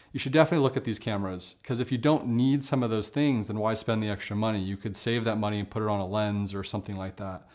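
A man with a slightly low voice hosts a casual camera review vlog. He talks in a relaxed, chatty way, full of fillers and side remarks.

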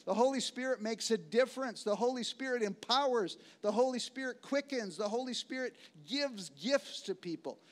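Pastor, male, high voice, emphatic repeating sermon delivery. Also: lively intonation. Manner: slows for key words, swings between loud and hushed.

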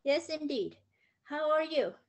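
A woman's voice: high-pitched, animated, unhurried, darkish tone, pitched above the performer's own voice. Wilbur, a woman doing an eager young pig. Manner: earnest, eager pleading.

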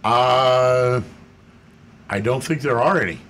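A man with a mid-range, slightly bright voice speaks slowly as the auto expert co-hosting a radio call-in car show. He explains his answers at length and laughs easily.

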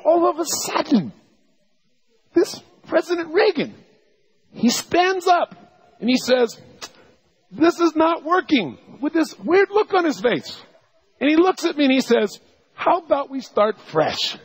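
A man voicing an elderly foreign statesman, recounting a turning point slowly and emphatically. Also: very high-pitched, sing-song, pitched above the performer's own voice, heavily acted, rough recording. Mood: recalling. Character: elderly male foreign statesman, recalling warmly.

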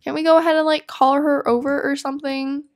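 A woman's voice: high-pitched, flat delivery, fairly quick. A young woman giving casual gameplay commentary, chatty and easily exasperated, laughing often. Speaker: let's play gamer.

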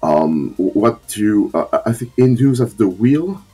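Man with a French accent, low and mellow, a loose rambling delivery full of fillers. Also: very animated, husky, faint music behind. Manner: halting, rambling with many fillers. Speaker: caller on a live stream. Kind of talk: casual chat.

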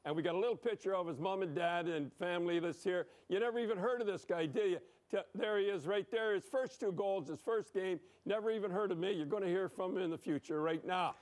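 Emphatic older hockey commentator, high voice. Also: male voice, fast talker, hardly any pauses, a little mellow. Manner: blunt, emphatic, rambling, with frequent "eh?". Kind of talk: excited hockey commentary over replays.

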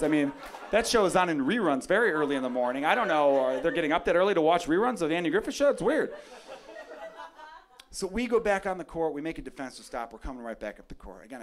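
A man performing a stand-up comedy set, telling profane stories and acting out loud quotes, on a club stage with a handheld mic. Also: on the high side. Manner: profane, animated storytelling with loud acted-out quotes.

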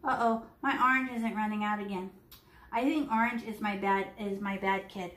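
Her voice medium in pitch, fairly even, and a touch bright, the middle-aged art teacher moves at a moderate pace through a live children's painting lesson. She chats playfully, talking through every stroke of the brush.

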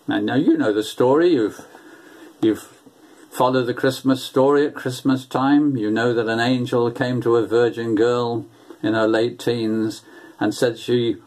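A man's voice: medium pitch, darkish tone. An older man preaching a sermon, telling stories in an earnest way and often repeating his words.

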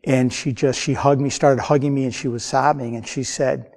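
An older painter from the American Midwest tells stories slowly and earnestly, pausing between thoughts. His voice is mellow and warm. It sits in a long, hall-like reverb. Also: mid-range voice, steady tone. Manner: earnest, unhurried storytelling with pauses. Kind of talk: storytelling interview.

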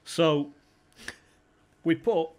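A man's voice: a little high, very slow, a little mellow. A man telling stories casually, swearing and laughing as he goes. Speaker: podcast guest, former club insider. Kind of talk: casual storytelling chat.

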